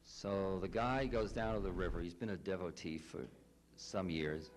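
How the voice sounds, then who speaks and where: A man's voice: deep voice, fairly even intonation, normal speed, soft background music. A man who is a spiritual teacher and author tells stories and reads aloud to a live group. He makes wry, self-deprecating asides. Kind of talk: storytelling talk and reading aloud.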